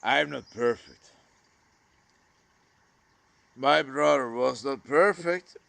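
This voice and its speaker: Slow, gravelly man speaking haltingly. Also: medium pitch, fairly bright tone, no echo. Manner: halting, trailing off, addressing a lost brother. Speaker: vlogger. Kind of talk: emotional monologue to camera.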